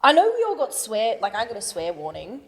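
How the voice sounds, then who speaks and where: A woman's voice: medium pitch, sing-song, brisk. A woman hosting a casual chat, blunt and laughing often, with frequent swearing. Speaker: podcast host. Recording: echoey room, faint noise.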